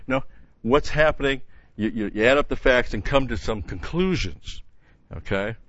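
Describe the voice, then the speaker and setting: A man's voice: medium pitch, normal speed, a bit bright, no room sound, highs cut off. A man teaching a Bible study in an earnest, emphatic way, stopping often with "uh" and restarting phrases.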